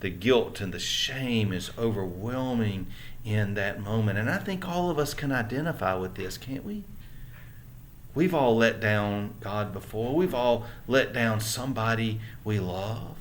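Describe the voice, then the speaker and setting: A man's voice: lowish voice, unhurried, a little hiss or hum. A man with a Southern American accent teaching a church Bible lesson in an earnest, conversational way, often turning to his listeners with questions. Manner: earnest, conversational, with many restarts; asks listeners rhetorical questions.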